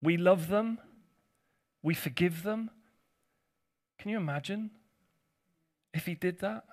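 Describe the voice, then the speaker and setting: A man's voice: high-pitched, takes it slowly. A male pastor preaching a conversational sermon, with jokey asides to his congregation.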